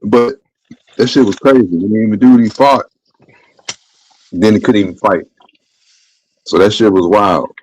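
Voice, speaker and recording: A man's voice: fairly low pitch, moderate pace, long pauses, darkish tone, highs cut off. A man hosting a casual streamed chat show, talking in a laid-back, profane, slangy way. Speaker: podcast host.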